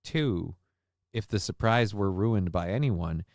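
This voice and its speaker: A man's voice: fairly low pitch, slow pace, a little mellow, no room sound, clean studio sound. A man hosting a casual livestream, rambling, cursing and making sarcastic asides while reading chat messages. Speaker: livestream host.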